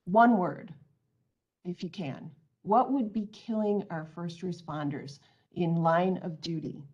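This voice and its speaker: A woman's voice: lowish voice, takes it slowly, a little mellow, highs cut off. A woman presenting an online training webinar, reading out audience answers and then explaining her points earnestly, on a computer mic.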